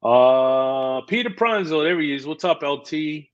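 A man's voice: mid-range voice, steady tone, slow pace. A man, a former police officer co-hosting, cracking jokes and greeting viewers in the chat. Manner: wisecracking, joking asides. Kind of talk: casual chat, reading the live chat. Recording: dull lo-fi sound.

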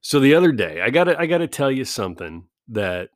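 Man, 40s, mid-pitched, casual storyteller, self-deprecating, dry close sound. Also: sing-song, a little fast, dry recording. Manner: rambling, self-deprecating, laughs often. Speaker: vlogger.

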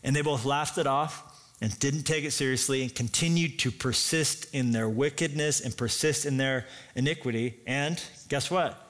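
A man's voice: medium pitch, normal speed, a bit bright. A man preaching a sermon as pastor, telling the story with energy and acting out the voices himself.

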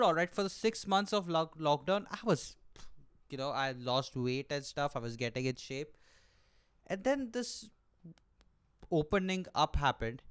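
A young man talks straight into his camera in a loose, comic monologue. His pitch leaps about, and his voice stays smooth and clear. He curses freely and jokes at his own expense. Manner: animated and profane, with self-mocking jokes. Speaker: podcast host. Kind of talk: solo comedic podcast monologue. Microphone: camera mic.

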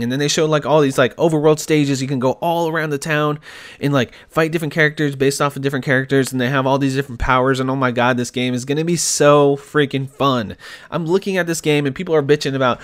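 Young guy ranting on his podcast, excitable, curses a lot, laughs a bunch. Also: mid-range voice, fast talker, clear, resonant tone. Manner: laughs between lines. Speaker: podcast host. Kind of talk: solo podcast rant.

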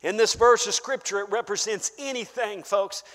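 A very high, bright-toned man preaches in a church, his voice ringing with a long hall reverb. He pushes to fervent shouted peaks, then sinks to hushed asides, calling out to his congregation as he goes. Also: moderate pace. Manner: calls out to the congregation. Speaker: pastor. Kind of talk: sermon.

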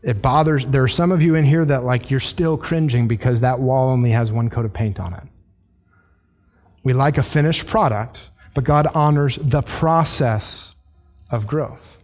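A male preacher with a medium-pitched, darkish voice talks at normal speed through a conversational sermon in a church sanctuary. He keeps restarting his sentences and acting out quoted voices.

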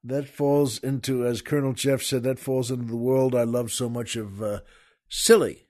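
A man's voice: medium pitch, fairly even intonation, normal speed, darkish tone. An older man hosting, telling a joke in a rambling, folksy, chuckling way. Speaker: host.

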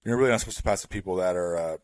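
Male podcast host, casual rambling storyteller, lowish voice, dry close sound. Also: very fast, dry recording. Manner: rambling, filler-heavy with "like" and "bro"; animated, builds up to louder bursts.

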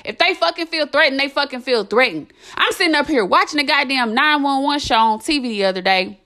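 Blunt high-voiced woman, swearing freely. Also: animated, fairly quick, bright, forceful tone. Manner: blunt, heavy swearing, emphatic repetition. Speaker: podcast host. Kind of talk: impassioned monologue.

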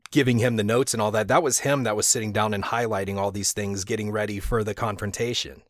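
A man's voice: fairly low pitch, fairly even intonation, quick pace, dry recording, studio quality. A man hosting a podcast interview, laid-back and joking, swearing casually as he asks questions. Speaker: podcast host.

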